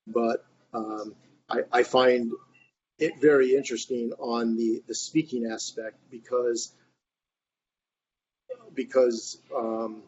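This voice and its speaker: A man with a medium-pitched, slightly mellow voice gives long, rambling remarks as a participant in an online reading group, full of fillers and restarts. The recording is muffled, with faint background noise.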